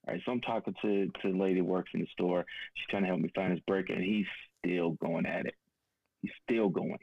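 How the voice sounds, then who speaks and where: A man's voice: low-pitched, lively intonation, fairly quick, gravelly, no echo, lo-fi sound. A man co-hosting a podcast, talking in a blunt, profane, casual way and telling a personal story. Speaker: podcast co-host. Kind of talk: casual conversation.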